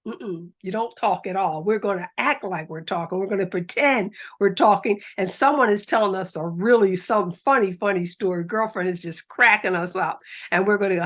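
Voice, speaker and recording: A woman's voice: mid-range voice, moderate pace. A middle-aged woman leading a laughter yoga class, coaxing and upbeat, breaking into hearty laughter. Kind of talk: guided exercise class.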